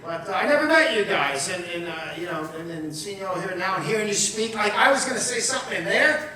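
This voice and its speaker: A man's voice: high-pitched, expressive, fast. A man, doing a blunt, profane stand-up comedy set full of asides. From Long Island, New York. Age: 50s. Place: comedy club or event room with live audience. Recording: echoey room, captured from far off with crowd noise.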